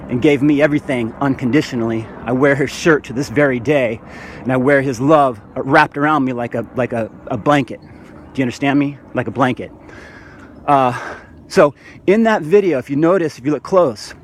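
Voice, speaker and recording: A man's voice: medium pitch, a little hiss or hum. A man in a spiritual monologue to camera, fervent and preachy, rambling with restarts and calling the viewers "guys". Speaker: vlogger.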